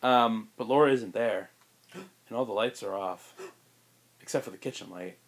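A man co-hosting a podcast, pitching a story in rambling casual chat with many fillers and frequent laughs. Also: unhurried. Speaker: podcast co-host.

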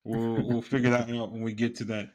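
A man hosting a casual podcast with friends. His voice sits at an ordinary middle pitch, and he rambles loosely, often stopping to hunt for the right word. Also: flat delivery, a little fast, a little mellow. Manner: loose, rambling, searching for words. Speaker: podcast host. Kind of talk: casual chat.

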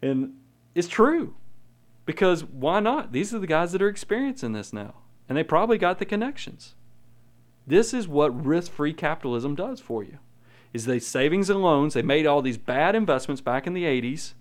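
A man's voice: a little high, big pitch swings, moderate pace. A man from the United States hosting a money show, giving an emphatic, rambling opinion talk full of restarts. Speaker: podcast host, money manager. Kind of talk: casual opinionated monologue.

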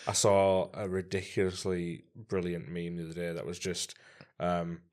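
Geordie bloke, very low voice, sweary teasing podcast co-host. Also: male voice, completely flat delivery, normal speed, a little mellow. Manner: blunt, sweary, teasing banter. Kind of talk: casual chat.

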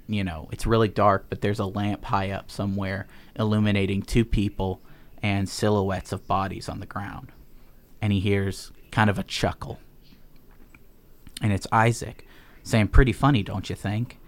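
A man casually pitching a story on a podcast, rambling with restarts and fillers. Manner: rambling, full of ums and restarts. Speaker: podcast host.

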